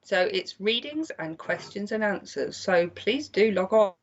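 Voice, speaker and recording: An older woman giving chatty, gentle psychic card readings on a live stream. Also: medium pitch, animated, unhurried. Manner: chatty and gentle, calls people "my lovely". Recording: slightly dull lo-fi stream audio.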